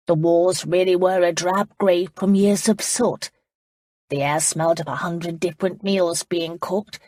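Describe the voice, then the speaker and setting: A woman narrating an audiobook in a measured, steady storytelling manner. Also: lowish voice, slightly rough, no echo, clean studio sound. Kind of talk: scripted narration.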